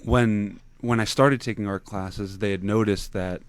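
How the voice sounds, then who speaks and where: A young man guest in a casual interview, talking haltingly, repeating words and laughing easily. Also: lowish voice, fairly even intonation. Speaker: podcast guest.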